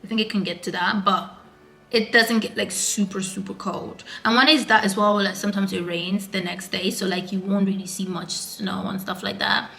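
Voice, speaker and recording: A woman's voice: mid-range voice, steady tone, moderate pace, creaky, fairly bright tone. Chatty young woman vlogging. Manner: chatty, rambling, full of "like" fillers. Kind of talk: casual vlog chat.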